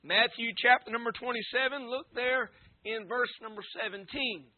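High-pitched fervent preacher man. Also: normal speed. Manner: shouting preacher cadence, fervent. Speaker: visiting preacher. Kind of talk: sermon with scripture reading and prayer. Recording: tinny phone-like recording.

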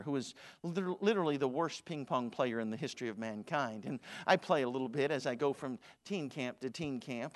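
A man preaching a sermon in a church auditorium, swinging from loud declarations to hushed asides. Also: mid-range voice.

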